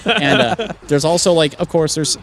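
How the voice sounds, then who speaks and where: A man's voice: fairly high pitch, moderate pace, crowd noise. A man chatting on a gaming podcast, rambling through an improvised story with swearing and laughter. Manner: profane, laughing, acts out bits in sudden shouted voices.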